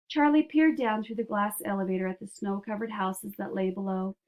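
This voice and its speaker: A woman narrating a children's storybook aloud in a steady, clear way. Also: mid-range voice, a little fast.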